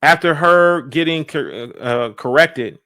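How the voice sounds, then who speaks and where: Emphatic man with a higher voice. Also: slow, pushed and bright. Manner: emphatic and preachy, repeats phrases, asks the listeners "right?". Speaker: podcast host reacting on a live stream. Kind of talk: live-stream reaction commentary.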